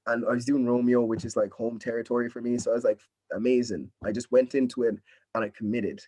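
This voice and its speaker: Quick-paced and fairly even in intonation, his mid-range voice has a dark tone. He's a young Nigerian drama student being interviewed over a video call, speaking casually and earnestly, encouraging, with frequent "you know what I mean"s.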